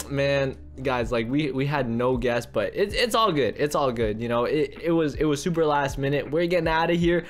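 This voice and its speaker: A man giving excited, jokey commentary while role-playing in a game. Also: medium pitch, normal speed. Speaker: gaming YouTuber.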